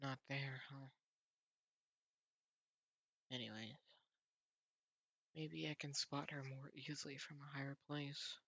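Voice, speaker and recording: A man reads a manga aloud in the voice of an anxious teenage boy. His delivery is slow and hesitant, with earnest stammers and a husky edge. The recording sounds dry and close. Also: medium pitch, fairly even intonation, bright, forceful tone, dry recording. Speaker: narrator and reader.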